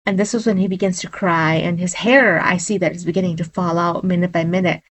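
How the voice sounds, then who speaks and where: A woman shaman tells a personal spirit story with earnest, vivid detail. Her voice sits low for a woman. The pace stays steady and conversational. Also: brisk.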